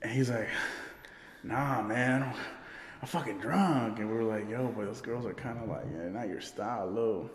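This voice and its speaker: A man's voice: on the low side, moderate pace, crowd noise. A man telling a party story in casual chat, rambling and swearing, laughing often. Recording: roomy with long reverb.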